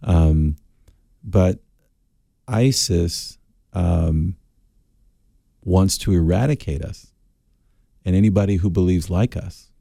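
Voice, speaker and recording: A middle-aged man answering Bible questions as a radio guest, earnest and halting with fillers. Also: sits low, vocal fry, mellow, no room sound, clean studio sound.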